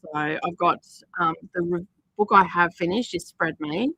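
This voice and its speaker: A woman's voice: fairly low pitch, a little slow, sharp tone, slightly rough, no echo, poor audio. A woman hosting a crafting livestream, chatting casually and rambling with many fillers. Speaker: livestream host. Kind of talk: casual chat while crafting. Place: home craft studio.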